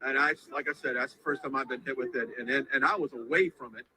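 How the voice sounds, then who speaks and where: A man reporting live from a crowd outdoors, talking in halting, breathless bursts as he reacts on the spot. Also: medium pitch, sharp tone. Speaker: field reporter. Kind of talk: live on-scene news commentary. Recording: noisy outdoor crowd recording.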